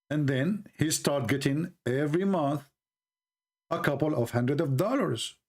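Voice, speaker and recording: A man's voice: fairly high pitch, animated, unhurried, a little mellow. A middle-aged man from the Middle East with a Middle Eastern accent, delivering a mocking, sarcastic livestream monologue in broken English. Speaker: show host.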